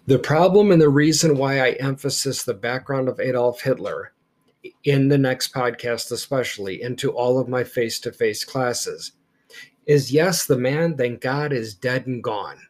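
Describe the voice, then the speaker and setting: Guy teaching a history lesson, slow and emphatic, leans hard on key words. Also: medium pitch, a little mellow. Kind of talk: lecture-style podcast.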